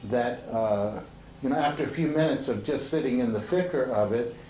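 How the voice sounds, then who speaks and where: A man teaching a Sufi breathing practice to a group, talking in a slow, halting way with many fillers and restarts. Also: medium pitch, warm tone. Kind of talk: relaxed spoken instruction to a seated group. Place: indoor room with a door to the street. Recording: roomy echo with faint street noise.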